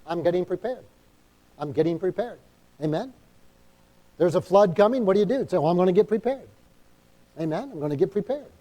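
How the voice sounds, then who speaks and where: High, mellow-voiced preaching man. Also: lively intonation, a little fast, pauses often. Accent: New England. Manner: emphatic preaching, calls for amens; acts out quoted inner dialogue. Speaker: pastor. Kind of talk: sermon.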